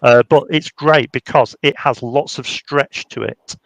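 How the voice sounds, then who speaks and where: A man's voice: medium pitch, steady tone, measured pace, creaky, dry recording, dull audio. A man, chatting casually and jokingly as a guest while he shows his handmade puppet. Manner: chatty, jokey, demonstrating by hand. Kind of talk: casual chat on a live stream.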